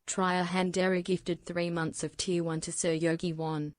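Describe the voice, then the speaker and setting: A synthetic woman's voice reading automated stream alerts, flat and mechanical. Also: fairly low pitch, moderate pace. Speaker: text-to-speech alert reader.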